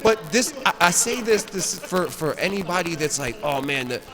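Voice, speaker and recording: A man telling a long, profane story in a rambling, animated way, often laughing at himself. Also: on the high side, normal speed. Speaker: storyteller at a cannabis rally. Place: large stone rotunda, indoors. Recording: echoey rotunda with crowd.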